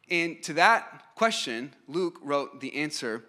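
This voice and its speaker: Bright-voiced preaching man. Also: a little high, very animated, unhurried, few pauses. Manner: earnest, emphatic preaching with frequent fillers and restarts. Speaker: pastor. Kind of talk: sermon.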